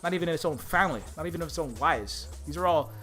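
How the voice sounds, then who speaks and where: A man with a high, sharp, bright voice delivers a heated, profane rant, tripping over restarts as he pushes on. Faint music plays behind him. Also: fast. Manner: angry, profane, stammering restarts. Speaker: indie game developer streaming live. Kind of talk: heated political rant on a livestream.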